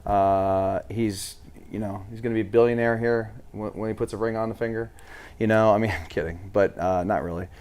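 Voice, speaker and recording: A man co-hosting a sports talk show who jokes around and talks in halting bursts. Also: lowish voice, steady tone, darkish tone, smooth. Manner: joking, halting with fillers.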